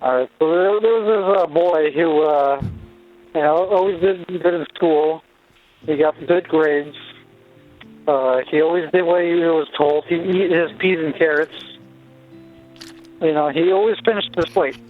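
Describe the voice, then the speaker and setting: A man's voice: fairly high pitch, a little slow, pauses often, soft background music. A male caller on a comedy show, talking hesitantly with lots of fillers and restarts. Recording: tinny phone line.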